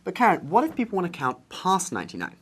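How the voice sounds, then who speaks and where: A man hosting a language lesson, upbeat and teacherly, slowing down to model each word clearly. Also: sits high, wildly swooping pitch, fairly bright tone. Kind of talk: scripted teaching presentation.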